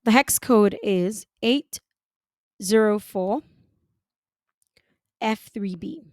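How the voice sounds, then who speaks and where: Slow, calm woman tutoring on screen. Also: mid-range voice, no echo, studio quality. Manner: calm step-by-step instructions. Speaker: design tutor. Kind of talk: screen-recorded software tutorial.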